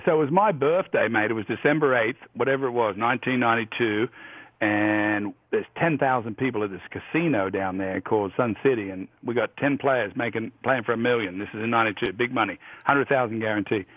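A man in his fifties from Australia, telling profane, animated stories as a guest. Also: mid-range voice, no echo. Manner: profane, animated yarn-spinning. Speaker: guest golfer. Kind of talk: storytelling anecdotes. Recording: husky voice over a tinny phone line.

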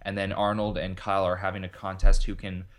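A man's voice: deep voice, monotone, brisk. A man chatting casually about a movie, blunt and emphatic, with occasional swearing. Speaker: film discussion co-host. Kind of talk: casual chat.

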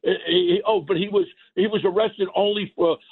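A man's voice: high voice, fairly even intonation, fairly quick, husky. A middle-aged man, a guest, ranting bluntly and combatively about crime. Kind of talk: heated political talk. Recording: tinny phone line.

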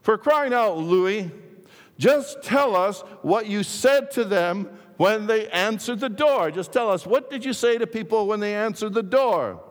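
An irritated man cuts in, his voice pitched high and demanding, as a preacher acts him out. The voice rings in a long hall reverb. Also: animated, measured pace. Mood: impatient. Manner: raised, demanding voice. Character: impatient adult man, irritated.

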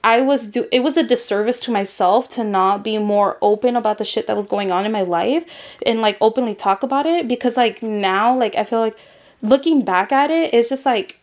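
A woman co-hosting a casual podcast chat, telling stories in an animated way with lots of fillers and casual swearing. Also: a little high, normal speed. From grew up in a Latino immigrant family in the US. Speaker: podcast co-host.

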